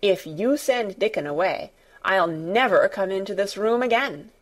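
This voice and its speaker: A woman voicing a stubborn, fierce-tempered young girl who speaks in a sharp, obstinate and blunt way. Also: medium pitch, lively intonation, moderate pace, lightly acted. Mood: defiant.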